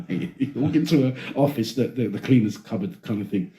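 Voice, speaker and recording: A man's voice: medium pitch, animated, normal speed, warm tone. A man hosting a podcast, telling stories in casual chat, rambling, laughing and swearing as he goes. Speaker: podcast host. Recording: roomy echo.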